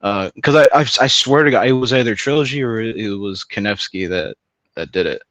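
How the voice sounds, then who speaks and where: A man's voice: on the low side, a little fast, fairly bright tone, dry recording. A man chatting casually on a stream, rambling, swearing a lot and laughing often. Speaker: stream host. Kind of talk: casual chat.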